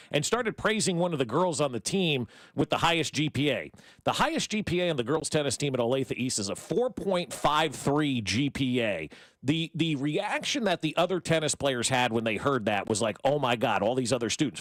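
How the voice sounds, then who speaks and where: A man's voice: mid-range voice, lively intonation, a little fast, no room sound. A man co-hosting a sports radio show, telling a story with animation and building to emphatic points. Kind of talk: casual sports talk. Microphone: studio microphone.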